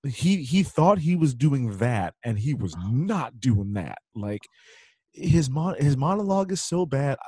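Man, podcast co-host, expressive swinging delivery, dry room. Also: mid-range voice, measured pace, breathy edge, dry recording. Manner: animated, swears, mock-quotes lines. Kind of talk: casual movie chat.

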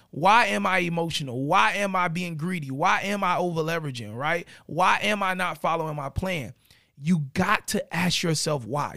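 An energetic man in his thirties hosts a motivational podcast, talking to listeners in a slightly higher voice. The sound is dry and close, and he keeps checking in with a quick "right?". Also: dry recording. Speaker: podcast host. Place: home studio in South Florida.

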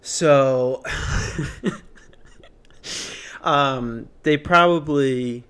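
A man's voice: medium pitch, very slow, a bit bright, clean tone. A young man hosting a solo podcast from his small apartment, rambling and joking as he acts out other people's voices. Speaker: podcast host. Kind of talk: casual solo podcast monologue. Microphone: podcast microphone.

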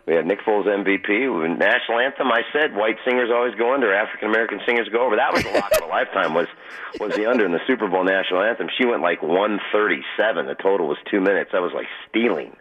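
A man calling in to a radio show as a sports betting guest, telling his stories in a boastful, rapid way. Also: on the low side. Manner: boastful, fast storytelling. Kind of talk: casual radio interview. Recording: phone-line call-in audio.

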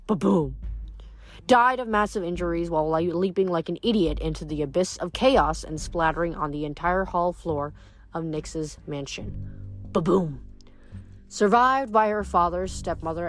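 A woman reading a novel aloud with expression, adding her own short comments between chapters. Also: fairly low pitch. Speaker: reader.

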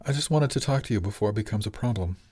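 A man voicing a calm, dreamy husband who works as a shaman and speaks quietly and simply. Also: fairly low pitch, racing.

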